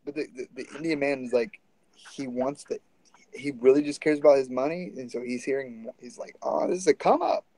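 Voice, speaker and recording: A man's voice: medium pitch, fairly even intonation, a little fast, mellow, dry recording, poor audio. A man telling a story in a casual, rambling and profane way.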